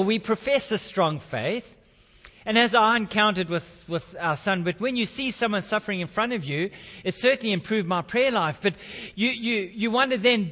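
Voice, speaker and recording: A man's voice: high-pitched, bright, forceful tone, big-room sound, muffled recording. A man preaching a sermon and leading prayer, earnest and reflective, with frequent restarts.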